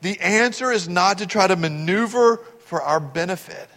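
A middle-aged male pastor preaching a sermon, swinging from hushed, tender asides to loud, rising build-ups. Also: high voice, normal speed, creaky, big-room sound.

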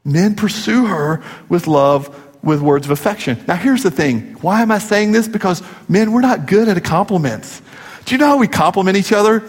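A man's voice: high voice, animated, normal speed, a bit bright. A male pastor preaching a sermon in a conversational, joking way, acting out quoted voices. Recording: long hall reverb.

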